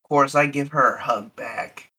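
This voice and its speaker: A man's voice: mid-range voice, steady tone, moderate pace, pushed and bright, slightly rough, rough recording. A man playing a tabletop role-play character, describing his character's actions in the first person in an earnest, reflective way. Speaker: player.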